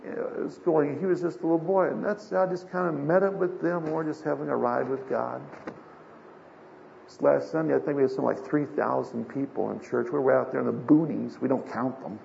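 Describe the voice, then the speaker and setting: A man's voice: a little high, steady tone, fairly quick, vocal fry, darkish tone. An older man preaching a sermon as a pastor, folksy and storytelling, with emphatic swells. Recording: dull lo-fi sermon recording with faint hiss.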